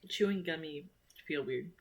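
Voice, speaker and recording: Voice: medium pitch, normal speed. A young American streamer in casual, rambling live-stream chat, poking fun at themselves and laughing often, with a sore mouth after dental surgery.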